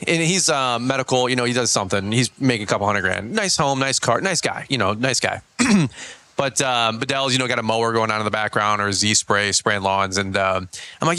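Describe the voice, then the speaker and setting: A Michigan small business owner, appearing as a podcast guest, tells stories in an animated, casual, slangy way. His voice is medium-pitched and fairly quick, recorded with no echo.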